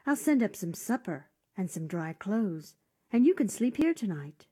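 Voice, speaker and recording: Woman doing a sly storybook queen, soft, mellow and breathy, regal and scheming. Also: mid-range voice, very animated, moderate pace. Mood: welcoming.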